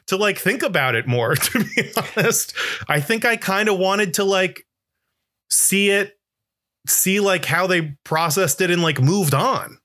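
A man's voice: high-pitched, sharp tone. A man in casual film discussion chat, rambling with lots of "like" fillers and getting emotionally worked up. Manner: swears when worked up. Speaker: podcast co-host.

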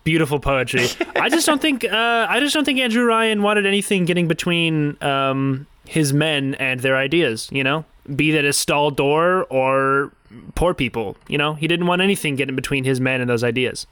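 Agreeable male podcast co-host, smooth voice. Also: a little high, expressive, normal speed, bright, forceful tone. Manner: agreeable, playing along. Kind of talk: casual comedic chat.

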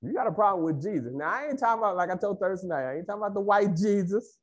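Animated high-voiced preaching man. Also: rapid-fire. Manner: emphatic preaching with repetition. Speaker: pastor. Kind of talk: sermon.

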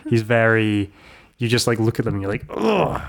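A man's voice: fairly low pitch, flat delivery, a little fast. A man co-hosting a podcast, recapping a film in a rambling, playful way with many restarts. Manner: rambling, self-correcting, playful. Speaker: podcast co-host. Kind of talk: casual chat recapping a film.

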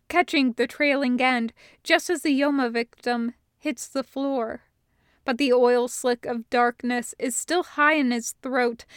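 A woman reading fan fiction aloud as a podfic, in an even, measured storytelling voice. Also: high voice, clean tone, no room sound, clean studio sound. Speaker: podfic reader.

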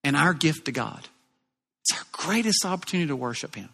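A man from Alabama with a Southern accent, preaching a sermon in a folksy, animated, jokey way. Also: fairly high pitch, a little fast, gravelly, husky. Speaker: pastor. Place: church auditorium. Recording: long reverb of a large church hall.

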